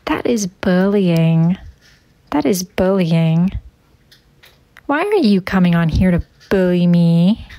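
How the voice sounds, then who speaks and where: A woman hosting a casual livestream, reading chat comments aloud in a teasing, deadpan way. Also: on the low side, takes it slowly, long pauses, dry recording. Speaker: livestream host and wood-burning crafter. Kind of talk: casual live-stream chat.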